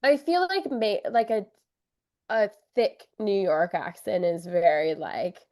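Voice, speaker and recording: Slow-talking upbeat young woman. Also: mid-range voice, a little mellow. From Wisconsin. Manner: giggly, upbeat, lots of fillers. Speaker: podcast guest. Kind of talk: casual chat.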